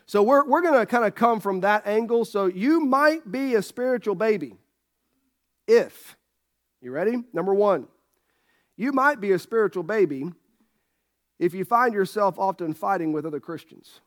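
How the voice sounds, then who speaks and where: A man's voice: high voice, animated, normal speed. A middle-aged man preaching a sermon as pastor, folksy and joking with his congregation. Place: church sanctuary.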